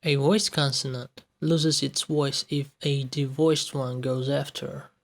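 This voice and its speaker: Slow, measured male teacher. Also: medium pitch, flat delivery, gravelly. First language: Russian. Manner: measured, says each example word on its own. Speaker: language teacher. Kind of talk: scripted explanatory lesson with example words.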